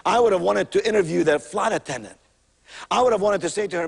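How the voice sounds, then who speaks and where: A man's voice: high-pitched, fast talker, creaky, husky, big-room sound. A man giving a motivational keynote, telling stories with emphatic, theatrical delivery and rhythmic repetition. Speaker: motivational speaker.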